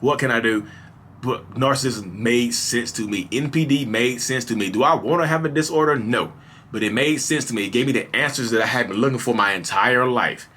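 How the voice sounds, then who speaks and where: A man in his thirties hosts a podcast and tells his own story in a casual, confessional way, sprinkling in plenty of "you know." His mid-range voice is brisk and sharp, with slight background noise.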